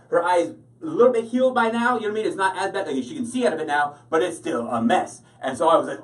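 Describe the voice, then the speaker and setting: A man doing a stand-up comedy set in a deadpan, rambling way, full of fillers and restarts, heard from away from the mic. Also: on the high side. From Canada. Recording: voice from far off the mic.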